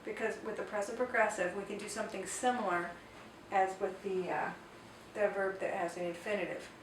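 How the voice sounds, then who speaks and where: A woman teaching a grammar lesson at a board, explaining slowly and carefully and reading out Spanish example sentences. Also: medium pitch, steady tone. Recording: echoey room, distant mic, faint noise.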